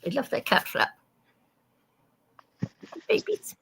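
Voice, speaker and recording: A woman chatting on a live online panel, talkative and quick to laugh, with a voice she says is high-pitched. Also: a bit bright, slight background noise, poor audio. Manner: giggly, talkative. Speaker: panel guest. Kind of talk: casual live panel chat.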